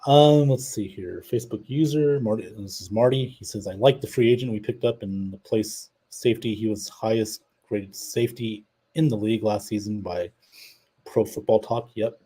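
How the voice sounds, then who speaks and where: Male host, casual live-stream talker, husky and low. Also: moderate pace, mellow, poor audio. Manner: chatty, reads viewer comments aloud. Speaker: podcast host.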